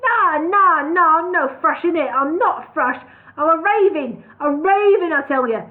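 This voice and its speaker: A woman's voice: a little high, normal speed, lightly acted. A woman voicing a cocky male bird who talks street slang and insists he is a raven. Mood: agitated. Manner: street slang, squawking, excitable. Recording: tinny phone-like sound.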